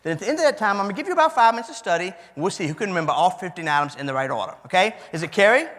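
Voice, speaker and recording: A man's voice: high-pitched, animated, racing, fairly bright tone. A man with a Cajun accent giving an interactive keynote speech in a folksy, chatty way, repeating the audience's answers back to them. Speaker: keynote speaker. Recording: hall reverb.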